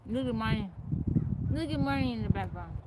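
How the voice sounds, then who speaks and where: A woman's voice: fairly high pitch, animated, a little fast, heavy background noise. A woman hosting a casual live stream, chatting and greeting viewers by name from her home in the woods. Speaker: livestream host.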